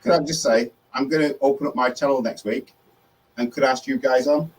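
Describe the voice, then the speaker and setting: A man's voice: medium pitch, fairly even intonation, fairly quick. A man, co-hosting a casual late-night chat show and telling sweary, boisterous stories. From Manchester, England. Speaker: co-host. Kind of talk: casual banter. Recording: distant mic with faint background noise.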